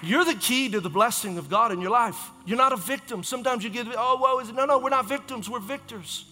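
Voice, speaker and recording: A man preaching as a pastor, in an impassioned, repetitive style with quick self-corrections. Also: very high-pitched, in a large hall, background noise. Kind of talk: sermon.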